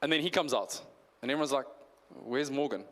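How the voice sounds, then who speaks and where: A man's voice: fairly high pitch, racing, fairly bright tone, big-room sound. A man preaching a conversational New Year's Eve sermon, asking his congregation questions. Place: church hall.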